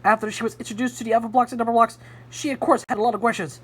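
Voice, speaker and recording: A woman reading a fan story aloud in an expressive storybook style. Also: a little high, racing, breathy edge. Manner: expressive, lively narration. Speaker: reader.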